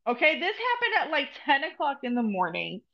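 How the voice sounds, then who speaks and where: Brief: animated New Jersey woman guest, brash and profane, higher voice, dull podcast sound. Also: fairly quick, over a noisy crowd. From United States. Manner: profane, animated, mixes in Spanish phrases. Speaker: podcast guest, Reiki master and tarot reader. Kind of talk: casual storytelling chat.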